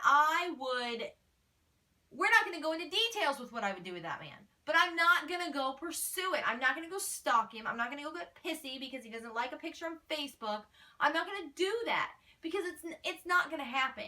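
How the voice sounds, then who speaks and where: A woman's voice: high voice, pushed and bright, far from the mic. A woman fan page admin answering fan questions in a casual vlog, blunt, feisty and exasperated.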